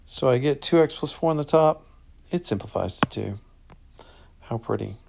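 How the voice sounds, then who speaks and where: Male math teacher with some gravel in his voice, relaxed and upbeat as he explains worked solutions. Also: medium pitch, moderate pace, noisy background. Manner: casual and upbeat, thinks out loud. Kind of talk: walking through an answer key.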